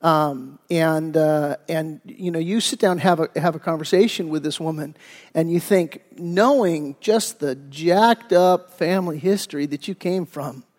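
This middle-aged pastor, whose voice is fairly high, delivers a sermon in a relaxed, conversational storytelling style, full of fillers and restarted sentences. He speaks a little slowly, and a long reverb carries his words through the church sanctuary.

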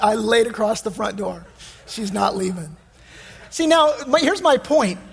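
A middle-aged man preaching a sermon as pastor, telling stories in a folksy, animated way with many restarts. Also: high-pitched, in a large hall. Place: church sanctuary.

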